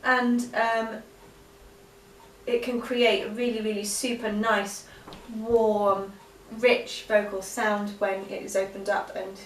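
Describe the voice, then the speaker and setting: A woman teaching vocal exercises in a relaxed, chatty way, with frequent ums. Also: mid-range voice, takes it slowly, a little hiss or hum. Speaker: singing teacher. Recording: echoey room, voice a bit far from mic.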